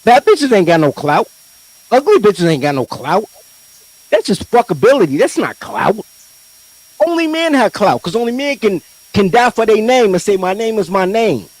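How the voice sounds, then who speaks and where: A man's voice: high voice, very animated, moderate pace, darkish tone, dry recording. A man co-hosting a podcast, arguing bluntly and provocatively in a heated casual debate, acting out quoted voices. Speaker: podcast co-host.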